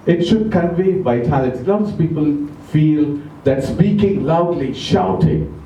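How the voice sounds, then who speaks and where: A man with an Indian English accent giving a measured, emphatic talk on public speaking to a club audience. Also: a little high, lively intonation, mellow, distant mic, muffled recording, slight background noise. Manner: measured, emphatic, slows down to stress words. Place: large club meeting room. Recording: echoey room, speaker off mic.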